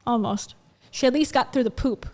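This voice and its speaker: A woman's voice: on the high side, moderate pace, a little mellow. A woman hosting a livestream, chatting casually and skeptically as she comments on event clips and greets viewers. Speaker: livestream host reviewing an event.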